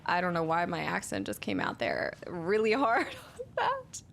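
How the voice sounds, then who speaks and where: A woman's voice: fairly low pitch, wildly swooping pitch, normal speed, vocal fry, fairly bright tone, a little hiss or hum. A young woman streaming a game, musing aloud as she explores and reading notes under her breath. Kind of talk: let's-play commentary.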